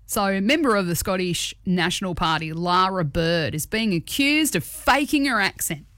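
A woman co-hosting a breakfast radio show, chatty and teasing, quick to laugh, on a studio mic. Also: fairly low pitch, animated, fairly bright tone, no room sound. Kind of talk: casual radio banter.

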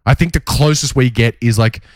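A man with an Australian accent, from Tasmania, co-hosting a casual podcast chat and breaking into loud put-on accents. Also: medium pitch, a little fast, no echo. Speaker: podcast co-host.

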